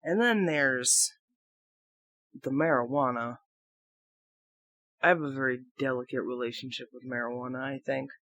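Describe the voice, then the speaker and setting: A man rambling through a reflective solo audio blog into a microphone, halting and questioning himself as he goes, swearing freely. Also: medium pitch, a bit bright, dry recording, dull audio. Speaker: audio blogger. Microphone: talking into a microphone.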